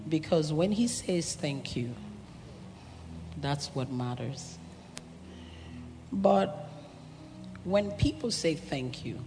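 A woman giving a heartfelt, testifying acceptance speech as a music minister. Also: low-pitched. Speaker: music minister receiving an award. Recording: echoey hall with music behind.

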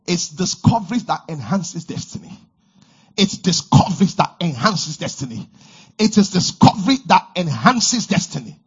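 A male preacher delivering a fervent sermon, repeating lines and swinging between shouted declarations and low murmurs. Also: big pitch swings, normal speed, husky, highs cut off.

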